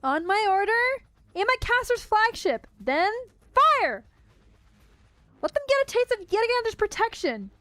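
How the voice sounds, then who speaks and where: A woman's voice: very high voice, sing-song, a little slow, pauses often, dry recording, pitched above the performer's own voice, full character voice. A woman voicing a gleeful, reckless female artillery commander, reading game dialogue aloud in character and barking orders. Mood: commanding. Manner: bossy, shouting orders.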